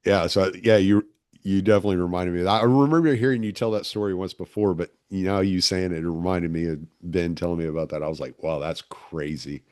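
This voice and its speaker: A man hosting a relaxed conversation, rambling with lots of filler words. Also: sits low, fast talker, no echo, studio quality. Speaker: podcast host. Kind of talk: casual conversation.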